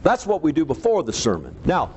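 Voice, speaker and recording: Lively-pitched male preacher. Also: slight background noise. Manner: preaching with emphatic pauses, rising to high pitch for stress; reads scripture aloud. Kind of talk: sermon.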